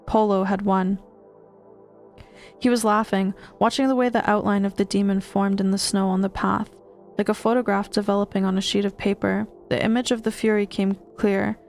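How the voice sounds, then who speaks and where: A woman streamer reading a horror book aloud, steady with small stumbles and restarts. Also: mid-range voice, normal speed, creaky, faint music behind.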